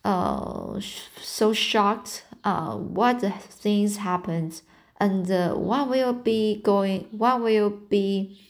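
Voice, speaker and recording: Lady reading a novel out loud really slow, stops and restarts a lot, mid pitch. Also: expressive. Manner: hesitant, with restarts and fillers. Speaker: reader.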